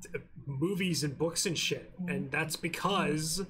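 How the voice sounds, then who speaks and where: Casual podcast co-host, male, high bright voice, lively and laughing. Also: takes it slowly, slight background noise. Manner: animated, laughs often, acts out quotes. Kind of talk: casual chat about anime.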